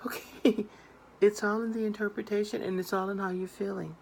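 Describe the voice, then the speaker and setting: A woman's voice: mid-range voice, flat delivery, brisk, gravelly, darkish tone. A woman tarot reader giving earnest, emphatic advice straight to her viewers. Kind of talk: direct-to-camera advice monologue.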